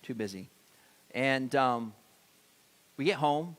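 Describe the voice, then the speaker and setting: Preaching in the church sanctuary, this middle-aged pastor speaks conversationally and poses questions to his congregation. His fairly high voice is expressive, a bit bright, and fairly quick.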